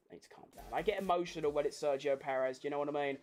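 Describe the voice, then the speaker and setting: A woman commentating a race watchalong live, sweary and excitable. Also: low voice, very fast, faint music behind. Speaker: streamer hosting a race watchalong.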